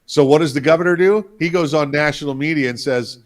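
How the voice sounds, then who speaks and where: A man's voice: fairly high pitch, fast talker, hardly any pauses. Chatty male podcast host. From Florida. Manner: chatty, frequent fillers and restarts. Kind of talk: casual political talk.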